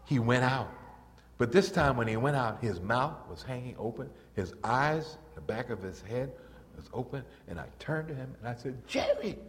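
An older man preaching a sermon and telling stories, swinging from soft and low to high and loud when excited. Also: moderate pace. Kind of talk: sermon with storytelling. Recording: reverberant church hall.

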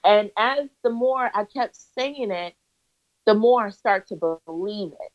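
A woman's voice: medium pitch, a little slow. A woman guest on an interview, telling her story in an earnest, emphatic way with a preacher-like cadence. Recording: slightly dull lo-fi audio.

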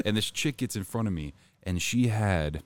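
A man's voice: lowish voice, animated, moderate pace, clear, resonant tone. A young man, a stand-up comedian guest, telling crude stories casually and swearing freely. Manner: crude, laid-back, swears a lot. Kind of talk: casual chat, storytelling.

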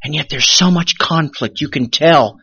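A man preaching a sermon as pastor, animated, rising sharply then dropping to a hush, and briefly acting out the voices of the people he quotes. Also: fairly high pitch, moderate pace, slightly rough, no echo, muffled recording. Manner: animated preaching with sudden rises and hushed drops; acts out quoted voices of the congregation.

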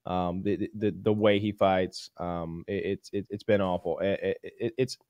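Man, lowish voice, dry sound, blunt, stammers and repeats words. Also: fairly even intonation, moderate pace, a little mellow, clear, resonant tone, no echo, highs cut off. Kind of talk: casual chat.

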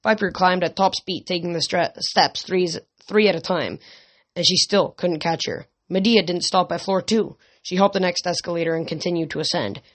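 A narrator reads a fantasy novel aloud in an amateur audiobook style. The reading moves along at an even pitch, with occasional slips that get corrected mid-sentence. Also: normal speed.

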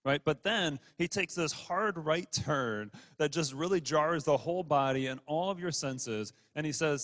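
A man's voice: a little high, a little slow, few pauses, a bit bright. A man preaching a sermon in a conversational way, often repeating words and restarting sentences. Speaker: pastor. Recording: long hall reverb.

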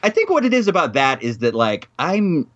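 Male co-host, husky voice, wildly lively pitch, jokey rambler; slightly dull lo-fi recording. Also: normal speed. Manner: animated, joking, rambling. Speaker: podcast co-host. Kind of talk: casual chat.

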